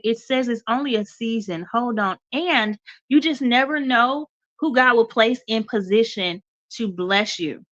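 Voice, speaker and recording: A woman's voice: fairly high pitch, fairly bright tone, muffled recording. A woman hosting a radio show, giving an encouraging motivational talk and calling her listeners y'all, a little stuffy. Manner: encouraging, addresses listeners as y'all, repeats okay.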